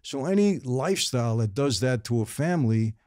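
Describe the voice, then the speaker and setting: A man's voice: mid-range voice, animated, fairly quick, warm tone, no room sound. Emphatic older New York man, dry sound. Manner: earnest, emphatic, repeats for stress. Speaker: guest. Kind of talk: casual interview chat.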